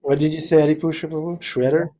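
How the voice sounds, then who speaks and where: A man's voice: on the high side, flat delivery, quick pace, a crowd in the background. A man moderating a temple class, making brief, easygoing remarks to the group. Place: temple hall.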